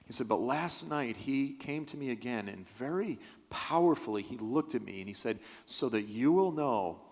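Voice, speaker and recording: A man's voice: medium pitch, animated, normal speed, darkish tone. A man teaching on Bible prophecy who answers audience questions during a church service, telling earnest stories and acting out the quotes. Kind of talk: storytelling in a church Q&A. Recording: long hall reverb from a large church.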